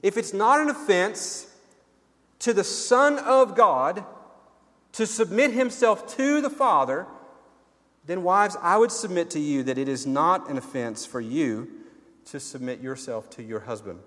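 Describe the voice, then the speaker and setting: Earnest preacher in a reverberant hall. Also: male voice, high voice, animated, measured pace, fairly bright tone. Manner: earnest preaching with repeated words and restarts. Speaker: pastor. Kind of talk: sermon. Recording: long reverb in a large hall.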